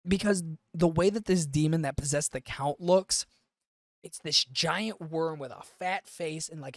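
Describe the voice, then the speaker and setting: In this casual anime review recap, the podcast host keeps things loose, chatty and profane, leaning on plenty of fillers. The recording is dry and studio quality, and his voice runs a little high.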